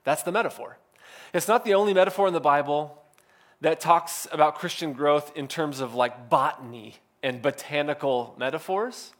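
A man in his thirties preaching a sermon as a pastor, in a relaxed, conversational way that is full of "like" fillers. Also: on the high side, moderate pace. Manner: casual, filler-heavy with frequent "like".

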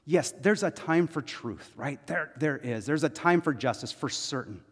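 A man's voice: a little high, animated, moderate pace, a bit bright, husky, in a large hall. A man preaching a sermon as pastor, acting out the people in a parable with casual, conversational voices.

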